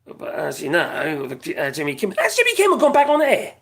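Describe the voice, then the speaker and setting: Gravelly, husky British man chatting live. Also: fairly high pitch, wildly swooping pitch, a little fast, a bit bright. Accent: British English. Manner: rambling, chatty, laughs often, reads out viewers' chat. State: voice going hoarse. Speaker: live stream host. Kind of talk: casual live-stream chat.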